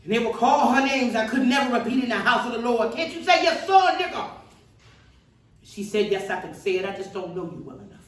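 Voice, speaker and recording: A woman's voice: on the high side, fast, few pauses, close to an everyday voice. An actress in a seated stage reading, playing a defiant middle-aged Southern woman activist with a Mississippi accent and an earthy, testifying cadence, heard from far off in a roomy hall.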